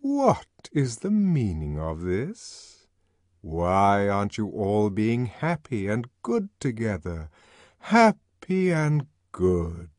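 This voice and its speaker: A man voices a synthetic broadcast baritone in an audiobook, low, hushed and tremulous. It pleads slowly and tenderly. The recording is dry and close. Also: very animated, no echo. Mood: pleading.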